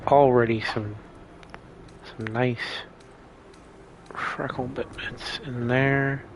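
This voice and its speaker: A man's voice: mid-range voice, fairly even intonation, slow, slight background noise. A man hosting a casual let's play, rambling and explaining his choices as he thinks aloud. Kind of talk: casual gameplay commentary.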